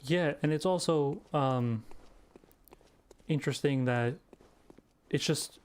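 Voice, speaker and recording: A man's voice: a little high, slow, clean tone. A man casually chatting and thinking aloud while he plays a game. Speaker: let's play gamer. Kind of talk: casual gaming chat.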